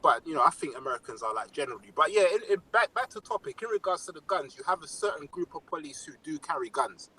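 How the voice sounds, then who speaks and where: A man's voice: on the high side, fast, hardly any pauses, poor audio. A young man with a London accent chatting casually on a podcast, telling stories with lots of slang fillers. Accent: London English. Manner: animated storytelling, heavy slang fillers. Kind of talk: casual chat.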